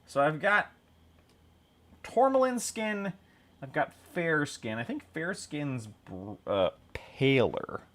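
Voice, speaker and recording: A man's voice: on the high side, sing-song, slow pace, a bit bright. A man hosting a hobby stream, chatting casually and rambling with jokes while he paints miniatures. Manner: jokey, rambling, laughs at own jokes.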